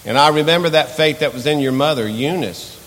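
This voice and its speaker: A man's voice: a little high, a little fast, a bit bright, long reverb tail, poor audio. A man voicing an older male apostle who firmly coaxes a young follower. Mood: coaxing. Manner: firm, coaxing. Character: older male apostle, firm and coaxing mentor.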